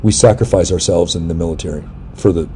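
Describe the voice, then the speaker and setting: Low, mellow-voiced man telling rambling jokey stories. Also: fast talker, a little hiss or hum. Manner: rambling, jokey storytelling with sudden loud yelps. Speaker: podcast host. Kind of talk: casual interview chat.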